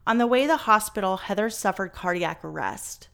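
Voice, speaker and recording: A woman's voice: medium pitch, lively intonation, a little fast, creaky, fairly bright tone. A woman hosting a podcast, telling a story in casual chat with lots of fillers and some swearing. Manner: chatty, many fillers, swears. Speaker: podcast host.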